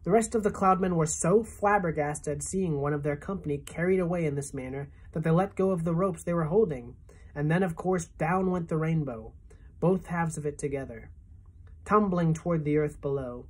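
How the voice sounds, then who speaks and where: Woman teacher, storybook read-aloud, expressive, husky and low-pitched. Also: normal speed. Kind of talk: reading a children's novel aloud.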